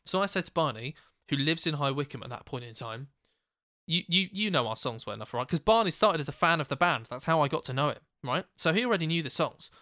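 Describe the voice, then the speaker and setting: A man's voice: a little high, quick pace, no echo, clean studio sound. Sweary man telling a story. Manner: animated, sweary anecdote telling. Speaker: podcast co-host. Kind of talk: casual storytelling chat.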